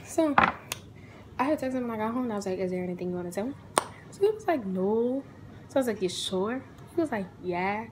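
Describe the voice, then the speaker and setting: A woman's voice: a little high, animated, fast talker, noisy background. A young woman, telling a casual storytime and acting out the people in it with big swings in her voice.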